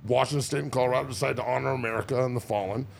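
Man, 40s, former player as podcast guest; rough gravelly voice, brash and profane. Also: medium pitch, fairly even intonation, rapid-fire, slight background noise. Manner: profane, boisterous storytelling with frequent laughs. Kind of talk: casual chat.

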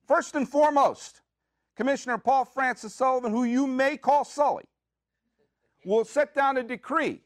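A man's voice: very high voice, normal speed, no echo, studio quality. A man hosting a podcast, delivering a comedic monologue with playful rants and questions he asks himself. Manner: animated, jokey, with playful rants and self-asked questions. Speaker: podcast host. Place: studio.

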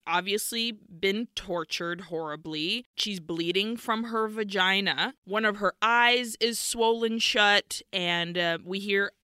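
A woman's voice: medium pitch, takes it slowly, hardly any pauses, bright, forceful tone, clear, resonant tone, dry recording, clean studio sound. A woman co-hosting a podcast, retelling a film scene by scene in a candid, casual way. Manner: candid, retelling scenes in detail with nervous laughs. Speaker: podcast co-host. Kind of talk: casual movie recap chat.

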